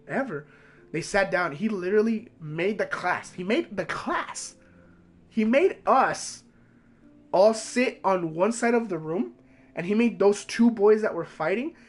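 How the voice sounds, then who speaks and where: A young man, a game streamer, rambling through a profane story in casual chat. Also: fairly high pitch.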